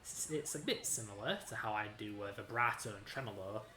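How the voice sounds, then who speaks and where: A woman's voice: rumbling low, lively intonation, a little fast, bright, forceful tone, roomy sound. A young woman streaming a retro game, talking bluntly and sarcastically, with plenty of swearing. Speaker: streamer playing retro games. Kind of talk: casual let's-play commentary.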